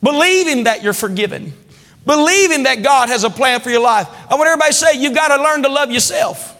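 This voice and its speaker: High-voiced man preaching in a hall. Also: lively intonation, quick pace. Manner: preaching with call-and-response, rising to shouts. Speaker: pastor. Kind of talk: sermon. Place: large church hall. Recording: long church hall reverb.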